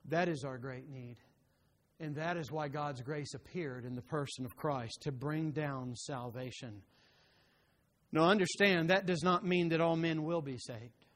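Emphatic preacher man, somewhat high voice. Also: measured pace, a bit bright. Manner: emphatic, rising to impassioned pleading; quotes scripture chapter and verse. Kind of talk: sermon.

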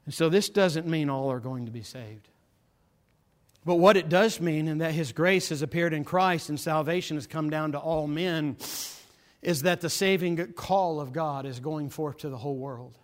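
Emphatic preacher man, somewhat high voice. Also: normal speed. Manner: emphatic, rising to impassioned pleading; quotes scripture chapter and verse. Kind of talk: sermon.

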